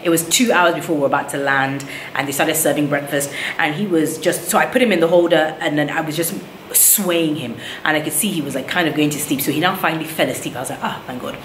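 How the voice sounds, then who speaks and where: A woman from Nigeria shares a story on her vlog in casual, animated talk. Her voice sits a little low and bounces off the walls of an echoey room. A faint hiss sits under her words. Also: fast talker. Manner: animated retelling, acts out others' lines. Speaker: vlogger, new mother. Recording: roomy echo, faint background noise.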